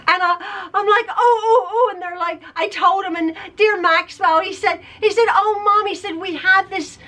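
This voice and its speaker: A woman's voice: extremely high pitch, fairly even intonation, moderate pace, pushed and bright. An older woman vlogging casually to camera about quilting, chatty and emotional, with frequent laughs, tired after an illness. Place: at home, later in her parked car.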